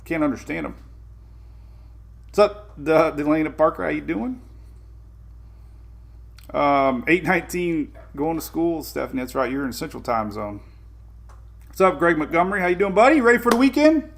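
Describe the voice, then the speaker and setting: Man, Southern US accent, weather show host, casual rambling chat, slightly high pitch. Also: expressive, normal speed, vocal fry, pauses often. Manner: rambling, chatty, greets viewers by name, laughs often. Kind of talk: casual live-stream chat.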